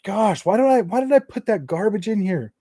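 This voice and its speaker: A man hosts a casual gaming livestream, chatting to viewers and rambling as he goes. His voice sits fairly high for a man and keeps coming back to the same lines. The sound is close and dry, with no room around it. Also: animated, fairly quick, dark tone, no room sound. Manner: rambling, repeats himself, laughs often. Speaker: gaming channel host.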